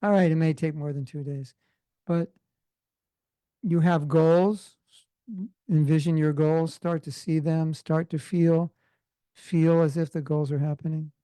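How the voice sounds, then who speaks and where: A man's voice: fairly high pitch, steady tone, a little slow, pauses often, mellow, smooth, no room sound, rough recording. A man with a Californian accent giving an informal devotional class, talking conversationally with joking asides. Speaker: spiritual teacher.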